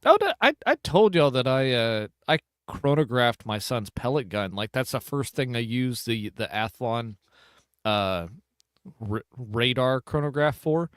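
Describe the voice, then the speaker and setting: A middle-aged man hosts a casual hunting podcast, his mid-range voice clear, resonant and expressive, though a little slow. He rambles and keeps interrupting himself to restart his thoughts, recorded in studio quality with no echo.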